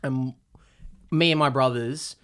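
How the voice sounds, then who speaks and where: A man co-hosting a podcast, telling stories in casual chat, animated and swearing freely. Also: mid-range voice, slow. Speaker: podcast co-host.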